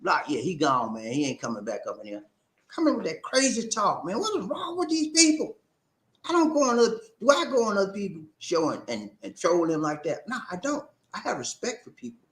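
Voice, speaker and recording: A man hosting a live-stream talk show, reading viewer comments and calling out shout-outs in an animated, preacher-like way. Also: on the high side, a little fast, echoey room.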